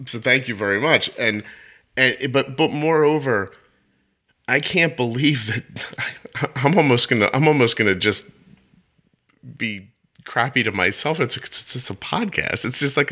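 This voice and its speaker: Bright-voiced joking male podcast host. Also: medium pitch. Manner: emotional, self-deprecating joking. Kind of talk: casual interview chat.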